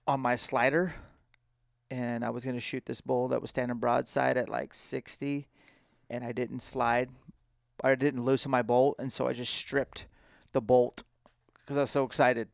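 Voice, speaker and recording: Gravelly, smooth-voiced man swapping hunting tales. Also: medium pitch, no room sound, studio quality. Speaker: elk hunting co-host. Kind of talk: casual live chat.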